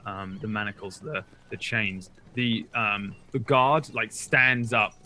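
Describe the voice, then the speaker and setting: A man narrating a tabletop game as game master, relaxed and rambling with filler words. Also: lowish voice, slow pace, slight background noise.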